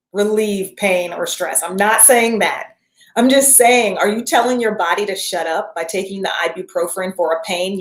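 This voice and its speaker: A woman coaching her viewers in a casual live-stream talk, chatty and rambling as she reads out viewer names. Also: medium pitch. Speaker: self-care and business coach. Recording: roomy echo.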